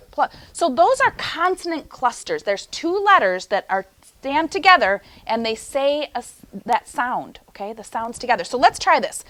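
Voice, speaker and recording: Woman, young adult, elementary teacher, lively sing-song voice, high-ish, slows for chanting. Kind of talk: phonics lesson for young children.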